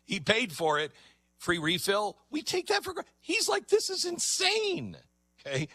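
A man's voice: moderate pace, breathy edge, soft background music. A man hosting a reaction show, commenting emphatically on video clips he plays. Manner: animated, emphatic, jumps pitch when excited. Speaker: commentary host.

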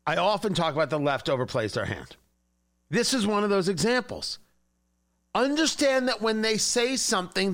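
A man's voice: high voice, a bit bright. A man hosting a political talk show, speaking emphatically and repeating phrases for stress. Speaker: radio talk show host. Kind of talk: opinionated political talk and read ad.

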